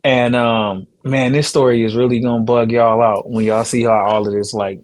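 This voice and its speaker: A man in his thirties hosting a podcast, telling stories in a relaxed, slangy way with laughs between lines. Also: medium pitch, normal speed. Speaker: podcast host and rapper. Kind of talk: casual storytelling chat.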